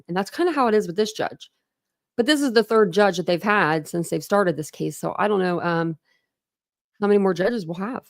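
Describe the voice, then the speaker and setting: A woman hosting a relaxed livestream, talking easily and greeting her viewers by name with frequent laughs. Her voice has a gravelly fry to it, at a middle pitch. The sound is close and dry, with no room echo. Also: normal speed. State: a bit out of breath. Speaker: livestream host. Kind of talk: casual livestream chat. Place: small room at home with dogs.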